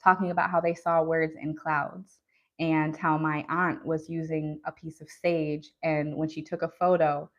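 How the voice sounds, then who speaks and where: Lowish-voiced woman hosting a spiritual livestream. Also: flat delivery, lo-fi sound. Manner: earnest, unhurried spiritual teaching with frequent "um" and "you know". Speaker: tarot reader and live-stream host. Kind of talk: casual live-stream talk answering chat.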